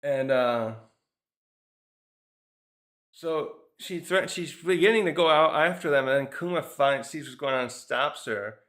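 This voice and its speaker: A manga reviewer casually talks through a comic chapter, rambling over the scenes with plenty of fillers and small chuckles. His voice is on the high side and a bit bright, and he speaks a little slowly with long pauses.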